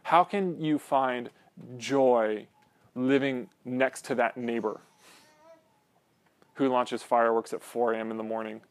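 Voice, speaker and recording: A man's voice: mid-range voice, steady tone, a little slow, pauses often, dry recording. A male pastor preaching a conversational sermon, often asking his congregation "right?". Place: church.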